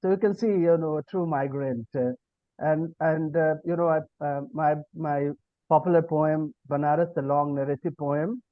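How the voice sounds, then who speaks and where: A man's voice: a little high, fairly even intonation, moderate pace, no echo. A man with an Indian English accent who is a poet and professor. He introduces himself with many fillers, then reads a poem aloud on a video call. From India, Bihar. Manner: hesitant, many fillers, rising emphatic reading. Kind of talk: self-introduction and poetry reading on a video call. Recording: dull lo-fi video call audio.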